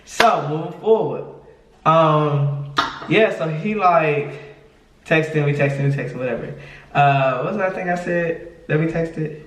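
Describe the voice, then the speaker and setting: Unhurried, with a voice on the high side, the co-host relates a tale in casual chat. He's animated, acting out quoted dialogue and laughing a lot, heard from a distance in a room full of echo.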